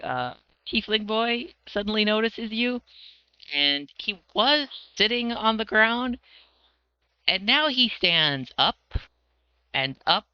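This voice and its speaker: A man's voice: high-pitched, clean tone, dry recording. A man narrating a tabletop game as its dungeon master in a loose, playful way with many fillers, on slightly dull lo-fi audio.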